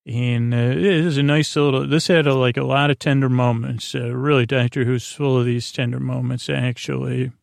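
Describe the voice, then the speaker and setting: A man's voice: mid-range voice, fairly even intonation, moderate pace, creaky, few pauses, no room sound, clean studio sound. A man hosting a podcast, giving a meandering, hesitant bedtime recap of a TV episode with lots of filler words. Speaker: podcast host.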